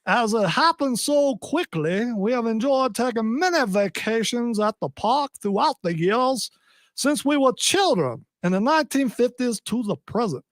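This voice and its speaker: A man voicing an old-fashioned Southern tourist, in a put-on Southern accent and a formal, drawn-out manner. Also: very high-pitched, animated, dry recording, studio quality, pitched above the performer's own voice. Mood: earnest. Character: old-timey Southern tourist reporting a sighting.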